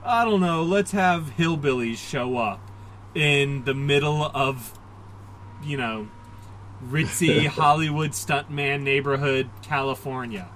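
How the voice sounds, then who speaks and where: A man co-hosts a casual podcast about comic books, rambling and self-deprecating, with many fillers and restarts and some mock voices. His voice is fairly high and bright, slow-paced, in a poor recording with slight background noise.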